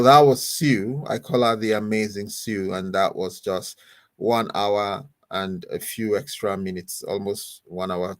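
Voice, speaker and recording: A man's voice: on the low side, vocal fry, no room sound. A man hosting a podcast as pastor, rambling and chatty in a casual sign-off. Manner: rambling, chatty, often laughing. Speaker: host.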